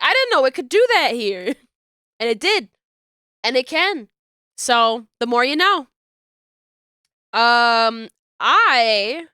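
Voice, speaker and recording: Stuffy-nosed streamer lady chatting w chat from her desk, laughs a lot, slow and bouncy. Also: on the high side, sharp tone, smooth, dry recording, studio quality. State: congested, stuffy nose. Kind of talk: casual chat with viewers. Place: home desk setup.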